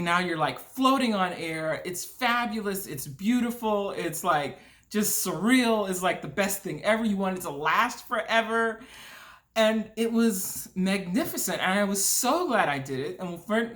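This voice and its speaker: An animated woman in her forties tells a story from her own life as a vlogger. She is expressive and laughs easily, with frequent "like" fillers, and her pitch sits in an ordinary middle range. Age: 40s. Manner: expressive, laughs often, heavy use of "like".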